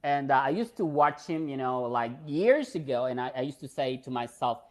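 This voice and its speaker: A man's voice: mid-range voice, lively intonation, moderate pace, few pauses. A man hosts a live stream in easy conversation. He reads out viewer questions and chats about learning English. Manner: conversational, agreeing often, storytelling. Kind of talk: casual chat reading viewer questions.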